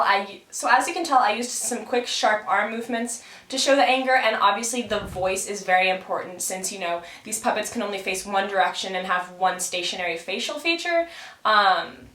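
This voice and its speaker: A woman's voice: mid-range voice, fairly bright tone. A young woman student explaining her puppet work in a chatty, thinking-aloud way, recorded on a camera mic at home. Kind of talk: casual explanatory video. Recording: roomy echoing room.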